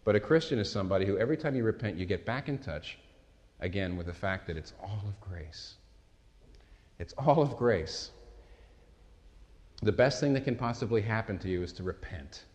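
A man's voice: lowish voice, lively intonation, moderate pace, pauses often, darkish tone. Man preaching in an echoey hall. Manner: conversational, anecdotal preaching with frequent restarts. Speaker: pastor. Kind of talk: sermon.

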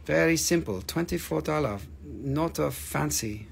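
A fairly high-voiced man runs a live crystal sale. He jokes and teases his viewers, swears casually, and rattles off prices between the gags. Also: animated, measured pace, creaky, a little hiss or hum. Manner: joking, teasing, swears casually. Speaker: live-stream crystal seller. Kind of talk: joking live sales stream.

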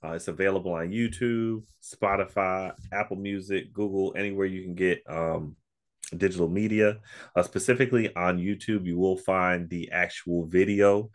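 Male podcast guest with a very low voice, easygoing storyteller, casual. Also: steady tone, normal speed. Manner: laid-back storyteller, laughs often. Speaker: podcast guest and co-host of another podcast. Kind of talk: casual interview chat.

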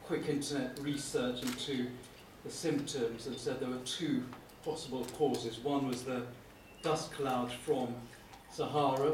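Wry middle-aged man lecturing in an echoey hall. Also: medium pitch. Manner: wry, anecdotal, with frequent "uh" pauses. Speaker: prosecuting barrister. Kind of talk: conference lecture. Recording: echoey room, speaker far from mic, faint hum.

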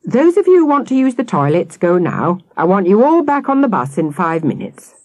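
A woman's voice: mid-range voice, sing-song, moderate pace, a little mellow, dry recording, pitched above the performer's own voice. A woman reading a storybook, voicing a prim, nervous adult cub-pack leader who speaks stiffly and properly.

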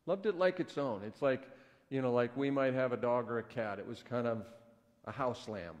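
A man's voice: medium pitch, moderate pace. A man who is a pastor, telling a story in a conversational, folksy sermon in a church. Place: church sanctuary. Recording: echoey church hall.

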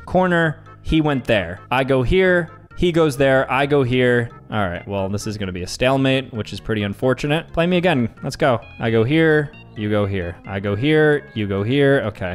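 Jokey young man hosting a vlog. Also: mid-range voice. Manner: jokey, chatty, self-mocking. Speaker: YouTuber host. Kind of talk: casual vlog tutorial.

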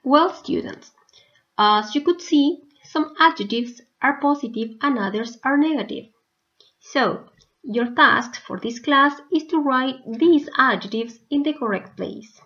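A woman teaching a recorded English lesson to young students, speaking slowly with carefully spaced words. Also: high-pitched, expressive, a bit bright. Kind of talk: slow recorded video lesson. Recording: dull lo-fi recording.

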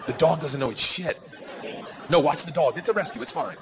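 A man in his forties telling a loud, animated stand-up story before a live audience. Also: on the high side, a little fast, creaky, crowd noise, noisy background. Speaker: stand-up comedian. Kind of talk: stand-up set.

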